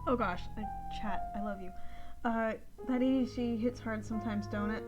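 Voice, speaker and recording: A woman's voice: fairly high pitch, fairly even intonation, moderate pace, highs cut off. Chatty laughing woman streamer. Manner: chatty, laughs often, reads choices aloud. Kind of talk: casual gameplay commentary. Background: game music.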